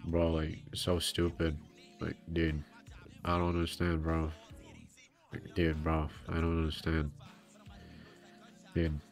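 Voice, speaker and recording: A man's voice: very deep voice, completely flat delivery, slow pace, pauses often. A young man streaming games, chatting casually and swearing as he rants in frustration. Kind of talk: casual gaming stream chat. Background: faint background music.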